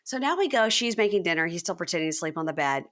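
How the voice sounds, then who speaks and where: A woman's voice: lowish voice, lively intonation, quick pace, a bit bright. A woman hosting a podcast, animatedly retelling a reality show scene and acting out the couple's lines. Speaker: podcast host. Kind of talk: casual recap chat.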